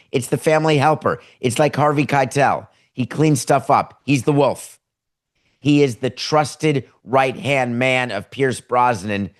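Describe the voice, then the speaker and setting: A middle-aged man hosting a live daily talk show, rambling and emphatic, often correcting himself mid-sentence. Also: mid-range voice. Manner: rambling, self-interrupting and emphatic. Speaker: podcast host.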